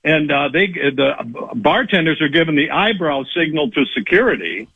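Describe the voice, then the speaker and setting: A man telling a lively story on a radio show, laughing often and acting out both sides of an argument. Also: fairly high pitch, moderate pace, vocal fry, slightly rough, dry recording, narrow, tinny audio. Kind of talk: animated storytelling on sports talk radio.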